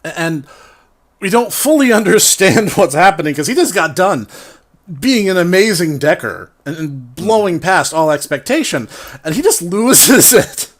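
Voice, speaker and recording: A man with a slightly high voice casually recounting a tabletop game he ran as game master. He talks slowly, laughs often and corrects himself mid-sentence as he rambles through the story. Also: very animated, fairly bright tone. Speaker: game master retelling a campaign.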